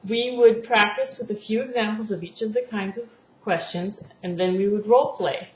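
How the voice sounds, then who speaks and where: A woman who teaches language therapy, patiently explaining a lesson plan and acting out classroom examples. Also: medium pitch. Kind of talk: spoken lesson walkthrough. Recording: roomy, dull lo-fi sound with faint noise.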